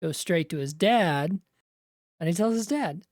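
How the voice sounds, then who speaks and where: A woman's voice: on the low side, lively intonation, unhurried, a little mellow, dry recording, studio quality. A woman, a Bible teacher, retelling scripture in a conversational way, with asides to the viewer.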